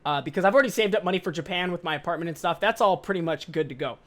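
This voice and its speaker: A high-voiced young man hosting a podcast in a casual storytelling monologue. He is animated and self-mocking, and he swears freely. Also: rapid-fire. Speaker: podcast host.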